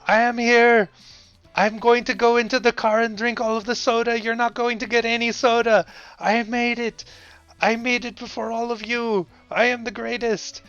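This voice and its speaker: A man voicing a boastful grown man who yells from a cliff top in a shrill, bragging voice. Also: little pitch movement, normal speed, clear, resonant tone, no echo. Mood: gloating. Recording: slightly dull audio, faint music.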